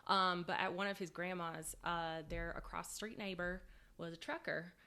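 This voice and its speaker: A woman's voice: lowish voice, fairly even intonation, moderate pace, background noise. Chatty, laughing young woman storyteller. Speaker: high school English teacher. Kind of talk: casual podcast chat.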